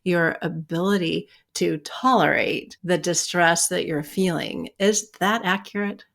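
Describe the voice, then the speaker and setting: A woman's voice: fairly low pitch, unhurried, gravelly, a bit bright. A woman psychologist co-hosting a podcast, reflecting back what she hears and checking her understanding. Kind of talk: conversational podcast discussion.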